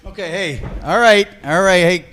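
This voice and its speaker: A high-voiced man runs an in-ring wrestling interview. He talks in an excitable, hyped-up way and keeps pushing the guests to celebrate. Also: normal speed.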